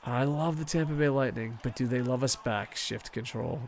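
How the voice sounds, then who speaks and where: A man casually commenting over a hockey video game, excitable, swearing often and talking to himself. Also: medium pitch, normal speed, a little hiss or hum. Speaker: gaming streamer.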